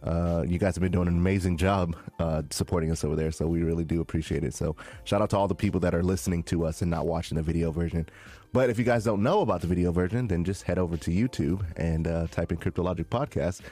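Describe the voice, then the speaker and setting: A man's voice: low-pitched, quick pace, dark tone. A man hosting a casual podcast, laid-back and rambling with lots of fillers. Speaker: podcast host.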